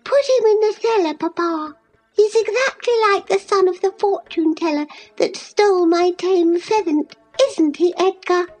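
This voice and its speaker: A woman's voice: normal speed, darkish tone, soft background music, poor audio. A woman reading aloud, voicing a spoiled little girl who lisps and whines. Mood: whiny. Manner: lisping, shrill and whiny.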